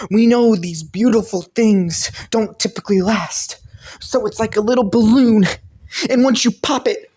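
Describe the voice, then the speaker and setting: A man voicing Killua as a devoted young boyfriend in a romantic listener role-play audio, talking softly with many sighs and little laughs. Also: high-pitched. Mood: earnest. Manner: soft, sighing, breathy little laughs. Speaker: voice actor.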